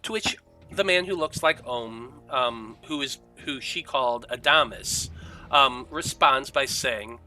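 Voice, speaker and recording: A man's voice: medium pitch, a little slow, pushed and bright, faint music behind. A man running a tabletop game as game master, narrating casually with frequent ums.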